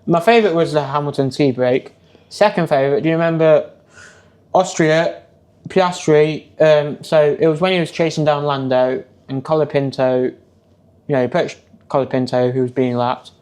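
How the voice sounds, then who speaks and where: A man's voice: on the high side, fairly even intonation, normal speed, a little mellow. A man speaking as a podcast guest, recounting details in a matter-of-fact way with dry humour. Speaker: guest, motorsport news editor. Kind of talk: casual chat.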